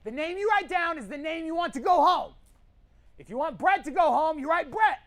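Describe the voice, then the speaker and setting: Woman host, high and bouncy, teasing and bossy on a live stream. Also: expressive. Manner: teasing, bossy, quick quips. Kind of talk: hosting a live competition stream.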